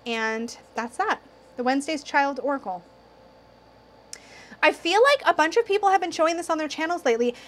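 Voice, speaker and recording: A young woman reviewing tarot decks in a casual video, slightly tipsy, excitable and giggly, cursing now and then. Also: sits high, brisk, long pauses. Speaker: tarot YouTuber.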